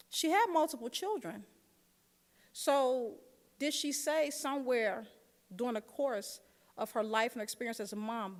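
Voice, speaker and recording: A woman's voice: a little high, expressive, a little slow, pauses often. A woman giving a keynote speech at a dinner, telling a personal story and talking straight to the audience. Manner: storytelling, engages audience directly. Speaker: keynote speaker. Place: large dinner hall. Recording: long hall reverb.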